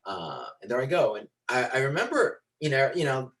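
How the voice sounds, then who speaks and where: A man teaching storytelling to visual artists, animated and rambling with many fillers and restarts, talking into a computer on a video call. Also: medium pitch, brisk, rough recording. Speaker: storytelling instructor. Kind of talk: lecture with acted-out anecdote.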